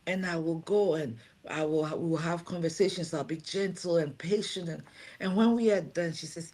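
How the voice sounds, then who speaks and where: She runs a home care agency, serves as a pastor, and is from outside America. On this livestream talk show her lowish voice moves at a moderate pace as she speaks sincerely, repeating key phrases for emphasis.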